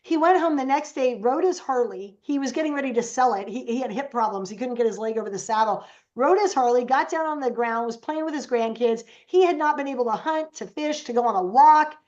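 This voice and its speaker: A woman's voice: on the high side, a little fast, hardly any pauses, darkish tone, muffled recording. A woman guest on a podcast, telling stories casually and animatedly and acting out the voices she quotes. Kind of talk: casual storytelling.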